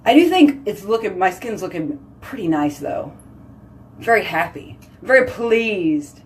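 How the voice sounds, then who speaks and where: A woman's voice: mid-range voice, sing-song, unhurried, recorded from a distance, a little hiss or hum. A woman hosting a casual live video chat, telling giggly stories and answering viewer comments. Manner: chatty, giggly storytelling. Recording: voice slightly off-mic.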